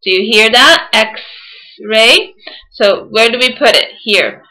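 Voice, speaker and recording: A woman teacher leading an early-years phonics lesson, patient and sounding words out slowly. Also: fairly high pitch, sharp tone, low-quality recording.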